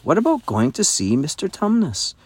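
A gentle little girl speaks softly and earnestly, voiced by a man reading aloud. Her lines stay mild and light. The recording is dry and close. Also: on the high side, wildly swooping pitch, moderate pace, breathy edge, dry recording, voice pushed up, full character voice. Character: gentle youngest schoolgirl.

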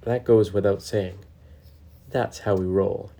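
A man's voice: fairly low pitch, steady tone, slow, gravelly, warm tone, heavily acted. A man voicing a wry, joking male squirrel.

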